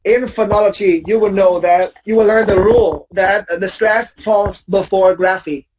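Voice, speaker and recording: A woman's voice: mid-range voice, steady tone, moderate pace, darkish tone, a little hiss or hum, poor audio. A woman teaching English pronunciation in a class drill, patiently correcting students and repeating each word as a model.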